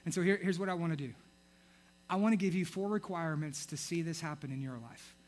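A young man preaching a sermon, telling a story in an animated way and acting out the characters. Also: on the high side, quick pace. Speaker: pastor.

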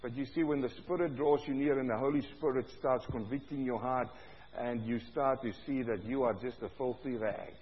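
A male pastor preaching a sermon, swinging between loud cries and low, quiet stretches, with a husky voice. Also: long reverb tail, lo-fi sound.

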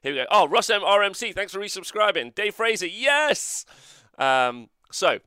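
A man's voice: sits high, sing-song, moderate pace, bright, forceful tone, smooth, dry recording, studio quality. A man hosting a casual livestream review, rambling and joking and swearing as he goes. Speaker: host.

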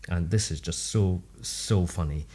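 A man's voice: low voice, measured pace, slightly rough. Man telling stories with humor. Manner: warm, humorous anecdotal storytelling with lively asides. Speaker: speech and language therapist, podcast guest. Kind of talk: casual storytelling interview.

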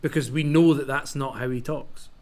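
A man at an ordinary middle pitch talks on a podcast. He is hesitant, often restarting his sentences as he thinks aloud. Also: steady tone, normal speed, darkish tone. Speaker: podcast co-host. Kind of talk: casual chat.

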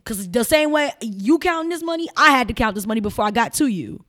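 Chicago woman chatting on a podcast, kinda high voice, emphatic and animated, tells it like a story. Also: fairly quick. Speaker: podcast guest. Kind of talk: casual interview chat.

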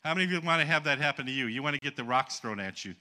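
An older man preaching from a church stage, his voice strikingly bright and forceful at a middling pitch. He acts out every quote as he tells the story and breaks into laughter at his own tales. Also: lively intonation, very fast. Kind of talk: storytelling sermon. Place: church auditorium.

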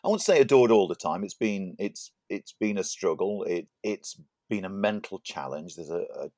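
A man's voice: sits low, animated, moderate pace, warm tone, no room sound, clean studio sound. A man co-hosting a podcast in casual chat, laughing often and tripping over his words. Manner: chatty, laughs often, stumbles and repeats words. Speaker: podcast co-host.

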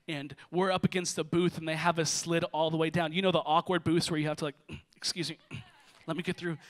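A young adult man preaching a sermon to a church congregation, telling funny stories before turning to scripture. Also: on the high side. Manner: lively, joking storyteller who shifts to preaching. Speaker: pastor. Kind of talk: sermon with storytelling.

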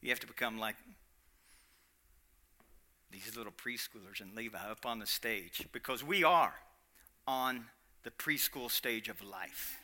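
A man's voice: medium pitch, a little slow, pauses often, pushed and bright. A man preaching a sermon, emphatic, repeating his lines and quizzing the congregation. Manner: emphatic, repeats lines, asks the audience questions.

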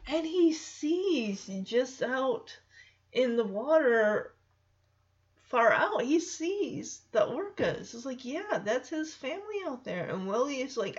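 A woman's voice: fairly high pitch, sing-song, slow, breathy edge. A woman chatting casually through a film reaction, with many fillers and asides, in a lo-fi recording.

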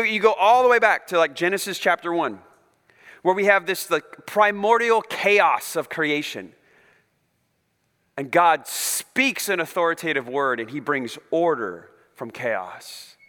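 A male pastor preaches in an emphatic, conversational way. His bright, high voice swings widely in pitch. Long reverb from a large hall surrounds him. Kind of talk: sermon.

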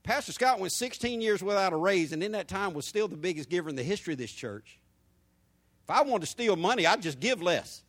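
High-voiced preaching pastor, man. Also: expressive, fairly quick. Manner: preaching with shouted peaks and rhetorical questions. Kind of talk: sermon.

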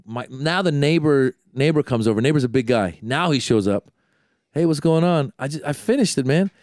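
Man, podcast host, animated storyteller, self-deprecating, dry close sound. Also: medium pitch, normal speed, no echo. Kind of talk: casual chat.

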